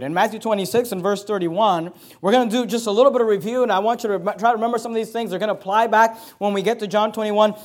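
Male preacher, high voice, lively delivery, acts out the scripture dialogue. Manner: animated, acts out quoted dialogue with rising intensity; reads scripture in King James wording. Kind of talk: sermon.

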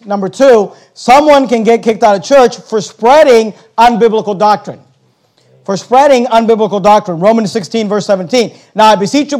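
A man, a pastor, preaching a forceful sermon in his church, repeating phrases for emphasis. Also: high-pitched. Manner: forceful preaching with repetition, chuckles at himself.

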